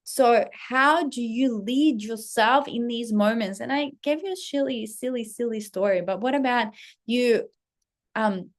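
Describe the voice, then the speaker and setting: A woman telling a casual story in a vlog, animated and swearing constantly as she acts out her own reactions. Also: a little high. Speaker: vlogger, self-leadership coach. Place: Paris.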